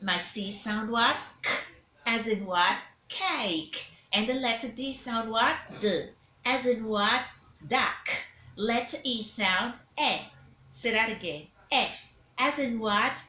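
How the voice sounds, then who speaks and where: Bright-voiced woman teaching phonics. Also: a little high, slow, roomy sound, a little hiss or hum. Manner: drills sounds, repeats and prompts the viewer. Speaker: diction teacher. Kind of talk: phonics lesson to camera.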